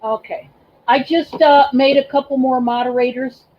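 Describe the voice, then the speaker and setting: A high-voiced woman hosting a livestream, chatting with her viewers in a warm, gushing way. She talks haltingly, full of ums and restarts. The sound is a bit dull and lo-fi. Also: fairly even intonation. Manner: emotional, effusive, thanks chat by name. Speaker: livestream host and reseller. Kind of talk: casual livestream chat.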